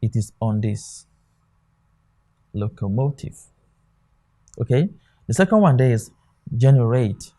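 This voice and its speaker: Man tutoring in a mellow voice. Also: medium pitch, sing-song, fairly quick. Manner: repeats "okay" often, points at a board. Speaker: exam tutor. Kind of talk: classroom lecture.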